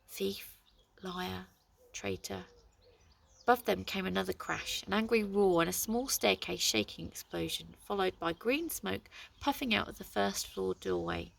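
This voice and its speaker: A woman reading a storybook aloud in a lively, expressive way. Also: medium pitch, unhurried, vocal fry.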